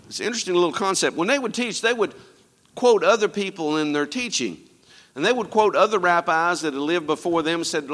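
A man preaching a sermon as pastor, swinging between loud emphatic lines and quiet, low asides. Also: long reverb tail. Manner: preaching with sweeping rises and drops in pitch and loudness.

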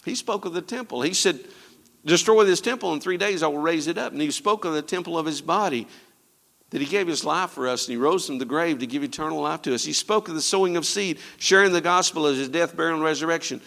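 A man preaching a sermon as pastor, swinging between loud emphatic lines and quiet, low asides. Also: fast talker, gravelly, long reverb tail. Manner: preaching with sweeping rises and drops in pitch and loudness.

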